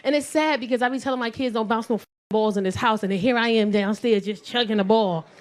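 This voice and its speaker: A brash woman in her forties with a New York accent, telling a profane stand-up set with loud bursts. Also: a little high, fast talker. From South Bronx, New York. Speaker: stand-up comedian.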